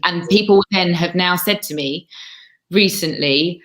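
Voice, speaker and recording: Brief: a frank woman panelist with a low voice, speaking over a video call. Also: measured pace, fairly bright tone. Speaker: panel guest, TV camera operator. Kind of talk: webinar panel discussion.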